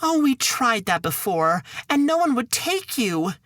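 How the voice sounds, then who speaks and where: A man voicing a poor, fretful old mother in a wailing high falsetto in a storybook podcast. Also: sing-song, measured pace, a bit bright, no room sound, clean studio sound, heavily acted. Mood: scolding.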